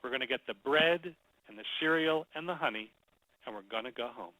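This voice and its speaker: A man voicing a young mother in a supermarket, quiet and controlled as he quotes her soothing words. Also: mid-range voice, brisk, dry recording, natural voice, low-quality recording. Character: calm, soft-spoken young mother in a supermarket.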